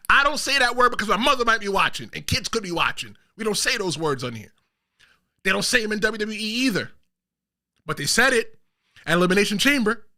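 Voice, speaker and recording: Man, bright high voice, animated, slangy wrestling recap host. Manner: animated, excitable, playful street slang. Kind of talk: casual recap commentary.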